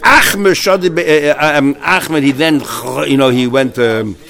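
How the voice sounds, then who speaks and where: Male Talmud teacher, slightly higher pitch, animated storyteller with frequent restarts. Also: measured pace. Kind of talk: Talmud class retelling stories.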